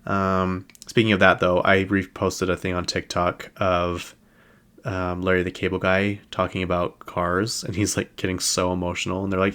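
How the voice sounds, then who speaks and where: A man's voice: deep voice, completely flat delivery, moderate pace, a bit bright. A man hosting a podcast, chatting casually about celebrity news in a rambling way with lots of fillers. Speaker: podcast host.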